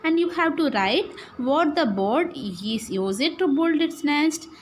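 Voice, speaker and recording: A woman teacher with an Indian English accent, slowly explaining syllables to young pupils and often checking that they follow. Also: high-pitched, animated, slight background noise. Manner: slow, repetitive, checks understanding with "right?" and "okay". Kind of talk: classroom lesson, explaining syllables.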